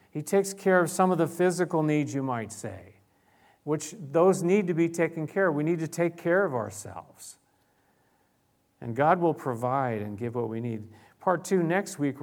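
A medium-pitched male pastor delivers a sermon, repeating words and restarting sentences. He swings between loud emphasis and hushed, almost whispered lines.

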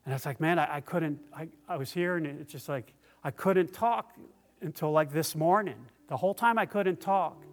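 A man preaching a personal testimony sermon, tearful and halting, restarting his phrases often. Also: fairly high pitch.

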